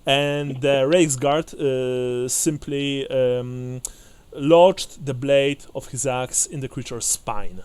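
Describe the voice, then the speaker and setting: A man narrating as game master of a tabletop game, hesitant with many fillers and restarts, often breaking into quick laughs. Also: mid-range voice, a little mellow, clean tone, dry recording.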